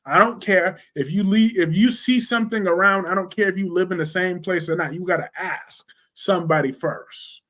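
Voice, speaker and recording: Young guy with a high voice going off on soaps live, blunt and slangy, reading chat. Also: normal speed, hardly any pauses. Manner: blunt, animated, slangy, talks back to chat. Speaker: soap opera commentary livestream host. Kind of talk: casual live chat reading viewer comments.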